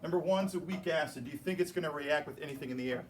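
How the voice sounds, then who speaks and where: A man with a high voice teaches chemistry to a room of students. He explains step by step and drops playful jokes along the way, recorded in the classroom with some faint room noise behind him. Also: very fast. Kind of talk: classroom lecture.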